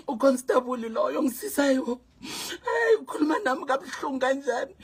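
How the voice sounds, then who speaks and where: A woman's voice: high-pitched, moderate pace, slightly rough. A distraught South African woman telling viewers a story, her voice tearful, dropping to whispers and rising to pleading. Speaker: vlogger.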